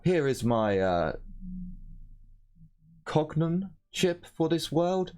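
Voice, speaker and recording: A man's voice: on the high side, big pitch swings, a little mellow, clear, resonant tone, voice pushed up, heavily acted. A man playing a pompous starship captain. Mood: grandiose. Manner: haughty, theatrical, drawn-out speech. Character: pompous grand male starship captain, aristocratic.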